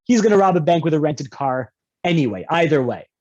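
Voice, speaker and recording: A man's voice: very animated, a little fast, darkish tone. Man lecturing conversationally over a video call. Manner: conversational, often checks in with "right?"; playful with examples, jumps into higher pitch for quoted speakers. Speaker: rabbi teaching a class. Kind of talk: online lecture on Jewish law. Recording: dull lo-fi video call audio.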